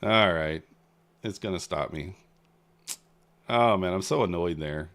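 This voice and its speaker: A man's voice: low-pitched, unhurried, a bit bright. A man giving casual live commentary on his day trading, muttering at the market in frustration. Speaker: day trader streaming live.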